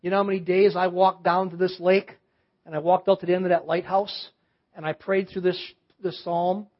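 Pastor guy with a high voice preaching, gets real quiet and slow reading verses, kinda dull lo-fi sound. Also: little pitch movement. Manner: reflective, slows and drops to a hush for quiet reading. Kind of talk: sermon. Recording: dull lo-fi sermon audio.

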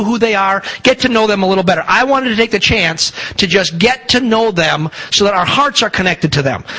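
A man's voice: high-pitched, low-quality recording. A male pastor introducing guests to his congregation in a church, talking in a rambling way with many restarts. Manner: rambling, warm-hearted with frequent restarts and fillers. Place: church sanctuary.

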